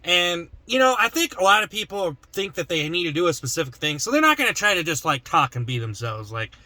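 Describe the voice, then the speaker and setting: A man's voice: a little high, very animated, a little fast, sharp tone, no echo. A man vlogging in casual chat to the camera, rambling with lots of fillers and restarts.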